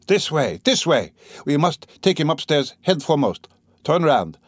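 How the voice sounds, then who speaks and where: A man voicing an earnest, anxious young man who speaks quickly and urgently. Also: on the high side, big pitch swings, dry recording, clean studio sound, voice pushed up.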